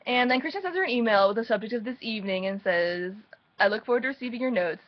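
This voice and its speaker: A woman's voice: fairly high pitch, animated, fast, muffled recording. A woman recapping book chapters in a casual, rambling way, full of sarcastic and mocking asides. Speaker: book reviewer.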